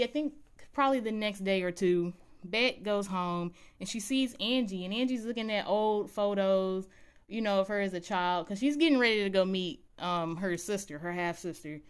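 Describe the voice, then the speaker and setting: A woman's voice: mid-range voice, moderate pace, smooth. A woman chatting animatedly as she recaps a TV episode for her viewers. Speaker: TV recap vlogger.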